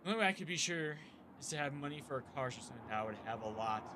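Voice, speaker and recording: A man's voice: on the high side, animated, very fast, noisy background. A man live-streaming a game, chatting casually with his viewers, rambling and swearing freely.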